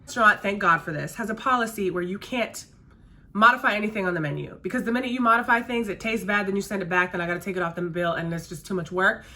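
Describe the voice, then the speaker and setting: A woman with a medium-pitched voice talks fast, sounding pushed and bright. She's a restaurant server chatting casually while doing her makeup, speaking emphatically and repeating her key phrases.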